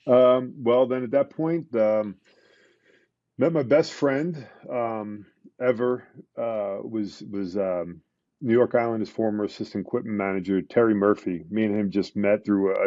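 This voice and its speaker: Retired cop guest, low mellow voice, dry dull lo-fi sound, hesitant with lots of ums. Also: male voice, steady tone, no room sound. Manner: halting, many fillers and restarts. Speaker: guest, retired police detective. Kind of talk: conversational interview.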